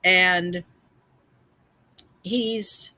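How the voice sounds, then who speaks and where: A woman's voice: on the low side, fairly even intonation, drawn-out words, sharp tone, no room sound. Emphatic woman telling a story on a livestream. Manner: emphatic, repeats phrases, many fillers and restarts. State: upset and shaken. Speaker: livestream host and community cat caretaker.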